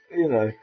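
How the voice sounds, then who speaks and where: A middle-aged man with an English accent, rambling in a casual, profane monologue and laughing at his own jokes. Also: very high voice. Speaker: vlogger. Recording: dull lo-fi recording.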